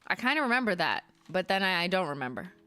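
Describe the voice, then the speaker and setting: A woman's voice: lowish voice, sing-song, quick pace, bright, forceful tone, smooth. A woman in her thirties from Canada, chatting casually on a livestream as she reads fan mail, laughing often and swearing now and then. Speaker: YouTuber host.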